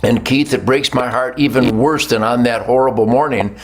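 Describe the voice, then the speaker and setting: A man's voice: mid-range voice, moderate pace, a little hiss or hum, low-quality recording. An older American man hosting a talk show, speaking with passion and stacking emphatic strings of words. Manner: impassioned, emphatic lists of words. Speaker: show host. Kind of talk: opinionated talk show chat.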